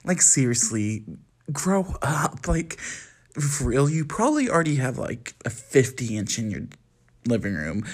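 Young male podcast host, sassy, chatty, lively pitch. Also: a little slow. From United States. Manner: sassy, chatty, animated, lots of fillers. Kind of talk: casual solo podcast chat. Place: at home at night.

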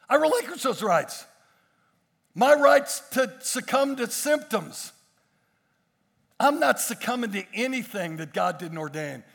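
A man's voice: very high voice, creaky, fairly bright tone. A male pastor preaching a sermon with emphatic, repeated phrases.

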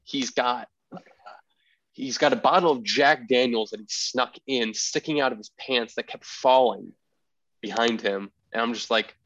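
A man hosting a podcast, telling a story in a rambling, animated way and acting out the people he quotes. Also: medium pitch, a little slow, dry recording, highs cut off. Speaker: podcast host. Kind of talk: casual storytelling chat.

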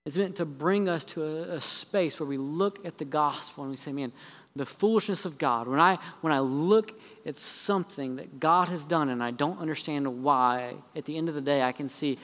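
A male pastor preaching a sermon. He shifts between quick, heavy sarcasm and slow, low emphasis on his key points. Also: fairly bright tone, long reverb tail. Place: church sanctuary.

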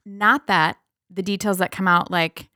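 A woman's voice: mid-range voice, steady tone, measured pace, bright, forceful tone, dry recording, studio quality. A woman co-hosting a podcast, talking earnestly and casually with fillers. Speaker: podcast co-host, sociology instructor. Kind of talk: casual political chat.

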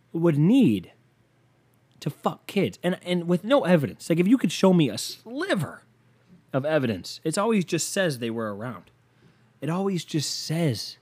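A man's voice: a little high, a little mellow, breathy edge. A man hosting a podcast, ranting casually in a heated, sarcastic, profane way and rambling through stories with lots of filler words. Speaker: podcast host.

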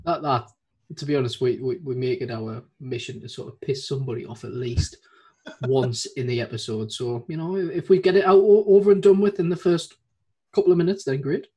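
A man's voice: mid-range voice, a little fast, mellow, husky. A man with a regional British accent, co-hosting a podcast in casual, self-deprecating chat. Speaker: podcast co-host.

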